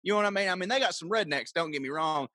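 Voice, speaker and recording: A man's voice: high voice, lively intonation, rapid-fire, pushed and bright, dry recording, clean studio sound. A man with a Southern US accent, chatting as a podcast co-host and telling profane, laughing stories. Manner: profane, storytelling, laughs often. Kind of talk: casual chat.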